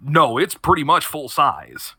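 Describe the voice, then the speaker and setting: Bright-voiced man running a tabletop game. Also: on the high side, a little slow, slightly rough. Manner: descriptive, many fillers, laughs often. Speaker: game master and podcast host.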